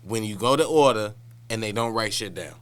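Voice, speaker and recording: A man's voice: lowish voice, brisk, fairly bright tone, clear, resonant tone. A man co-hosting a podcast in casual chat, laid-back and laughing often as he tells detailed stories. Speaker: podcast co-host. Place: Wisconsin.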